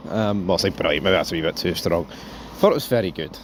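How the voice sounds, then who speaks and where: A man hosting a casual TV review, rambling and animated, swearing freely and calling viewers folks. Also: low-pitched, fast, a little hiss or hum. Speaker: show host, TV reviewer.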